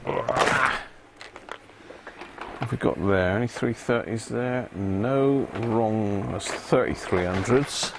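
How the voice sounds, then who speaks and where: Slow and fairly low-pitched, this gravelly male voice comes through heavy background noise. It belongs to a live-stream host fixing electronics who talks casually to his viewers by name and mutters under his breath while working.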